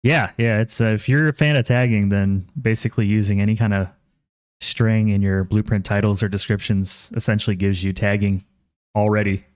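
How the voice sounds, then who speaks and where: A man's voice: lowish voice, fairly even intonation, moderate pace, dry recording, clean studio sound. A man casually commentating on a game while streaming, chatty, thinking aloud and reading chat aloud.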